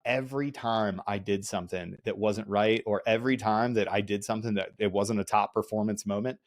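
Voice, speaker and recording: A man hosting a podcast, casually telling animated stories, acting out voices and laughing often. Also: lowish voice, a little fast. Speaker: podcast host. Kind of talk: casual storytelling chat.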